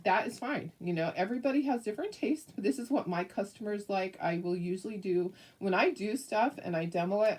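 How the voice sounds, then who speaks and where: A middle-aged woman hosts a casual live craft tutorial, chatty and rambling, full of fillers and frequent laughs, and she has the hiccups. Her medium-pitched voice is a little mellow and husky, recorded from a distance.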